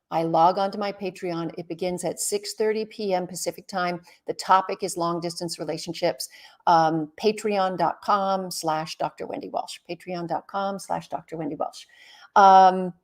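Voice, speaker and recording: A woman's voice: on the low side, darkish tone. A woman hosting a live relationship-advice stream. She greets viewers in a chatty way and gives blunt, practical answers to their comments, sounding a little worn out after a long day. Her voice swells and fades as she leans toward and away from her webcam mic. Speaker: relationship expert host. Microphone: webcam mic, moves toward and away from it.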